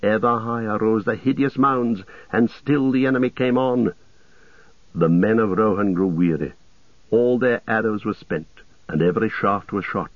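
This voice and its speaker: A man narrating an audiobook in a steady, measured way, over a tinny radio-like sound. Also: fairly low pitch, no echo.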